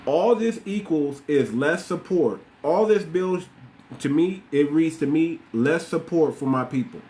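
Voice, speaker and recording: Blunt, fairly high-voiced man. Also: expressive, measured pace, dark tone, slight background noise. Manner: blunt, repetitive, talks straight at his listeners. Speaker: podcast host. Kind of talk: casual commentary monologue.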